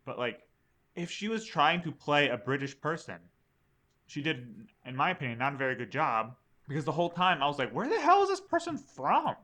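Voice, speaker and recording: Bright-voiced opinionated man. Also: mid-range voice, fairly quick. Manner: opinionated, argues his point at length. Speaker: podcast co-host. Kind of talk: casual chat.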